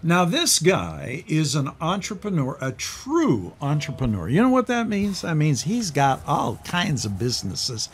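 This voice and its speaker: An older man hosting a TV talk show, chatting casually and jokingly with a guest, with a slightly husky voice and big swings when he tells a story. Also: a little slow, hardly any pauses, slight background noise. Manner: animated, jokey, big pitch swings when telling stories. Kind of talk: casual TV interview chat. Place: TV studio.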